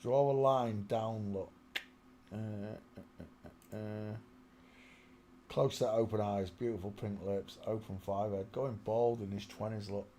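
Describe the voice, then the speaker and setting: A man's voice: on the low side, fairly even intonation, unhurried, long pauses, dark tone, slight background noise. A man hosting his own live stream, muttering to himself, talking to the viewers and now and then singing a line of a song, on a small desk microphone at home. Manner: muttering, sings snatches of a song. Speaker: channel host.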